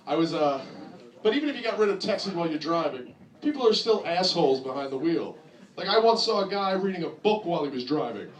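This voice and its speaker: A man's voice: a little high, expressive, fast, far from the mic, lo-fi sound. A young man from New Jersey with a New Jersey accent doing a crude, sarcastic stand-up comedy set, jumping into mock voices. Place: comedy club with a laughing audience. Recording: echoey club recorded from afar, crowd laughter.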